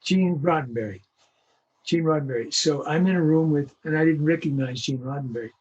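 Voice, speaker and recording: An older male voice actor telling animated anecdotes in an interview, acting out the voices of the people he quotes. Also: fairly high pitch, brisk, slightly rough, highs cut off. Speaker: guest voice actor. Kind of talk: storytelling interview.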